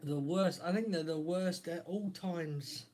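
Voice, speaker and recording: Man, live-stream host, playful teasing banter, relaxed chat. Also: a little high, a little slow. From Essex, England. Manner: teasing, jokey banter with his kid.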